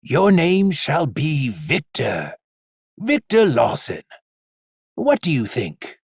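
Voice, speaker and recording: A man voicing a gentle, fatherly android inventor who speaks softly and tenderly. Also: medium pitch, wildly swooping pitch, slow pace, gravelly, slightly rough, dry recording, clean studio sound, heavily acted. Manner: soft, tender.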